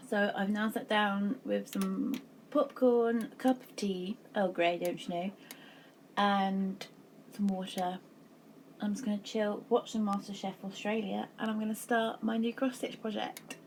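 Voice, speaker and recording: A woman's voice: mid-range voice, flat delivery, measured pace, slight background noise. A woman chatting casually to her viewers in a crafting vlog, chatty and self-mocking, sitting at home. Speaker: vlogger. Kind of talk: casual chat.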